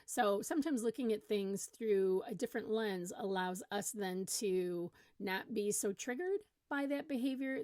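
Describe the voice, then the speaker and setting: A middle-aged woman giving an earnest instructional parenting talk to camera, with animated acted-out examples. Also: medium pitch, dry recording, clean studio sound. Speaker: parenting coach.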